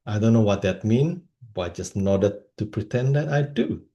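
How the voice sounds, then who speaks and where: A man's voice: fairly low pitch, moderate pace, highs cut off. A man from Indonesia giving a humorous personal-story speech at a speaking club. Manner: animated, comic storytelling with voices.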